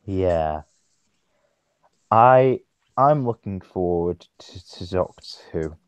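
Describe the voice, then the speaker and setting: A man's voice: sits low, lively intonation, slow, dry recording, muffled recording. A young man hosting a casual podcast chat, rambling, restarting and stumbling over his words. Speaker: podcast host.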